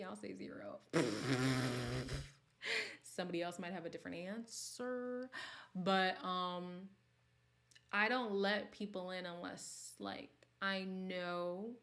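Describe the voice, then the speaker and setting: A woman hosting a casual livestream, reading viewer comments and talking frankly, her voice jumping from loud outbursts to soft near-whispers. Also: medium pitch, fairly even intonation, measured pace, long pauses. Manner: candid and sassy, swings between loud bursts and near-whispers. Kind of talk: casual chat.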